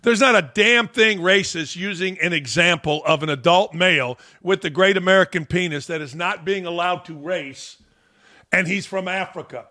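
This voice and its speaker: On his sports talk show, a man delivers an opinionated podcast rant, blunt, scornful and exasperated. His voice sits high and sounds sharp, at a normal speed.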